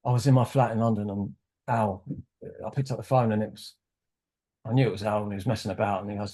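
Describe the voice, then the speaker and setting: Guy guesting on a podcast, kinda low voice, rambles through his story doing little quote voices. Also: fairly even intonation, fast talker, warm tone. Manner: rambling, acts out quoted dialogue. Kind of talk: casual conversational storytelling.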